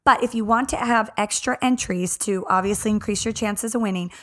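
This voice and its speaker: A woman co-hosting a casual mom podcast, her voice hoarse and raspy from days of shouting at her kids. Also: medium pitch, brisk. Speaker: podcast co-host. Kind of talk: casual chat.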